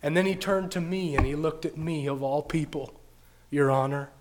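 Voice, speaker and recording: An earnest disciple testifying before a judge, as a preacher acts him out, swinging between hushed confession and loud declaration. The voice sits somewhat high for a man. It is a dramatic first-person monologue inside a sermon. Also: normal speed, a little hiss or hum, natural voice. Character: doubting disciple Thomas testifying in court, earnest adult man.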